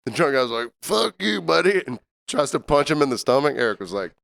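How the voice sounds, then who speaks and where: Male co-host, animated storyteller, smooth resonant voice recorded dry. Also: medium pitch, brisk, no room sound. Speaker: podcast co-host and bartender. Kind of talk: casual storytelling chat.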